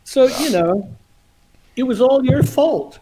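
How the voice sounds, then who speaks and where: A man hosts a livestream over a video call, casually telling stories in an animated way, laughing a lot and acting out quotes. His voice is very high, he takes it slowly, and crowd noise can be heard.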